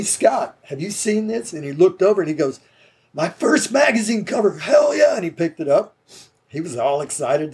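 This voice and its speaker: A man's voice: on the high side, a little mellow, slightly rough. A man telling rambling, laid-back stories in casual chat, swearing easily.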